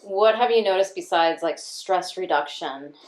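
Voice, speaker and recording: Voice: mid-range voice, normal speed. A podcast host interviewing a guest, asking questions and encouraging him with short laughing replies. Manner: brief, laughing, encouraging backchannels. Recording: roomy echo.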